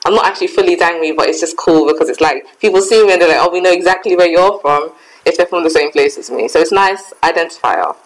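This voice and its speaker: A young woman with a fairly low voice talks in a relaxed, reflective way. Her speech is loose and conversational, full of "like" and "um" as she works through her thoughts. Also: rough recording. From Ghana heritage, raised in England. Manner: reflective, frequent "like" and "um" fillers. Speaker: podcast co-host. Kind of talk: casual chat.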